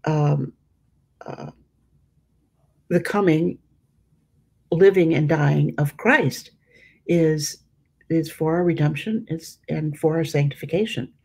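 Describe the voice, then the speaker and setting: A middle-aged woman leads a religious study in an easy, conversational way. Her voice sits on the lower side, and her speech is loose, full of fillers and self-corrections. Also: slow, long pauses, darkish tone, breathy edge. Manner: conversational, many fillers and restarts, acts out quoted voices. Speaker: Catholic teacher leading a prayer study. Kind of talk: informal religious teaching.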